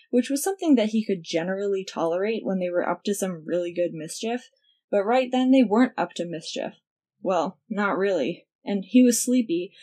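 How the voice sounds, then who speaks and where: Woman reading a story out loud, wry and expressive, mid pitch. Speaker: narrator. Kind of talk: audiobook fiction reading.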